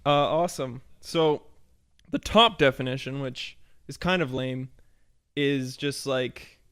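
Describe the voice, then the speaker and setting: A man's voice: medium pitch, takes it slowly, fairly bright tone, smooth, no echo, studio quality. A man hosting a casual podcast, talking in a loose, rambling way and laughing often. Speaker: podcast host.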